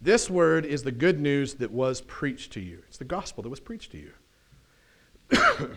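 A man with an American accent preaching a conversational sermon in a church, often checking in with the congregation with quick questions. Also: mid-range voice, sing-song, fairly bright tone. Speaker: pastor. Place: church sanctuary.

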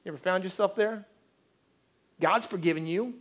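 A male pastor preaching a sermon in a church service, earnest, swinging from quiet to emphatic. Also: sits high, normal speed. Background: faint band guitar.

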